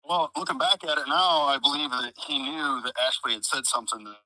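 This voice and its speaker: A man's voice: medium pitch, fairly quick, pushed and bright, no echo, poor audio. A man with a Midwestern American accent telling a story in an interview, rambling with lots of fillers, swearing freely and acting out what people said. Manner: profane, rambling, uses many fillers; acts out quoted dialogue. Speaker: interviewee, trial witness.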